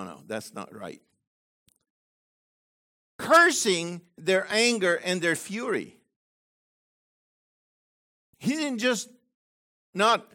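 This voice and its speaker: Animated, bright-voiced male preacher. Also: on the high side. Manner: animated preaching, swings between loud emphasis and quiet asides; digressive, restarts and asides to the congregation. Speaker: messianic congregation leader. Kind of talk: sermon.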